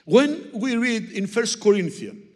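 Male preacher, high lively voice, slow delivery, long hall echo. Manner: animated, teasing, with audience demonstrations. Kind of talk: sermon with Greek word study.

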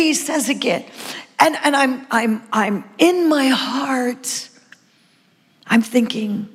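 A woman's voice: high voice, lively intonation, takes it slowly, slightly rough. A woman preacher giving a dramatic sermon testimony, stammering through restarts and dropping into whispers. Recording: long hall reverb.

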